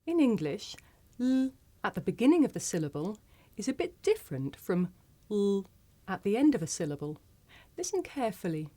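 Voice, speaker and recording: A woman teaching English pronunciation, saying single words slowly and carefully for learners to repeat. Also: medium pitch, big pitch swings, warm tone. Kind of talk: slow scripted pronunciation lesson.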